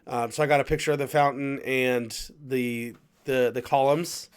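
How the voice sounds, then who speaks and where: A man's voice: mid-range voice, moderate pace, clean tone. Rambling man telling a trip story. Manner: rambling, animated storyteller with restarts. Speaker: podcast host. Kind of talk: casual chat, storytelling.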